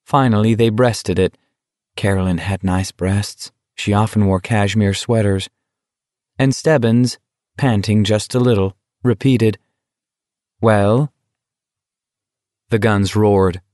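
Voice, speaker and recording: An audiobook narrator, a man with a low voice, reads a novel in a measured, even way. The recording is close and dry, with no room sound.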